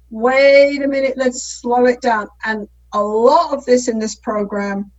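A woman's voice: fairly high pitch, dull audio. A middle-aged woman who works as a couples therapist, explaining in a conversational way and often checking in with "right?".

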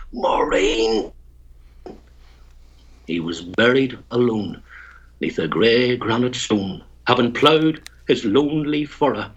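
A man with a Northern Irish accent tells a story and recites a rhymed poem as a guest. His voice sits a bit high, and it comes through a dull, lo-fi phone line. He chuckles between lines. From Tyrone, Northern Ireland. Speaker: guest poet.

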